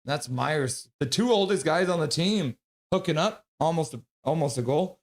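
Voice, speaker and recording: A man hosting a live hockey stream, calling play-by-play and reading chat aloud, excitable and prone to chanting and yelling. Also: fairly high pitch, normal speed.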